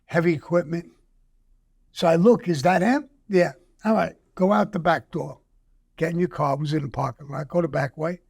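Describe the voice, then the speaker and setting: Gravelly older New man telling stories. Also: on the high side, moderate pace. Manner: profane, animated, acts out quoted dialogue. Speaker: guest. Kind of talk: casual storytelling.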